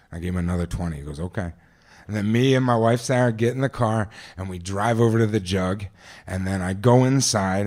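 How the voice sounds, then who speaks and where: Man telling a live story on stage. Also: lowish voice. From New Jersey. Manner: conversational, vivid, with frequent restarts and asides. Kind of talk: live first-person storytelling. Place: stage at a live event venue.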